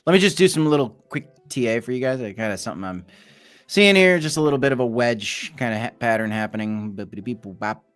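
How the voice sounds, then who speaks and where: A man's voice: mid-range voice, lively intonation, fast, fairly bright tone, clear, resonant tone, soft background music. A man hosting a casual crypto livestream, who rambles through market talk with many fillers and restarts. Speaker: crypto channel host.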